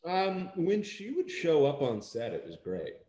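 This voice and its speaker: An American man, an actor, chatting in an interview in a halting, rambling way with lots of fillers and dry humor. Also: on the high side, wildly swooping pitch, mellow, echoey room, slight background noise. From United States. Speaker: actor interviewed about a film. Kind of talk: casual interview chat.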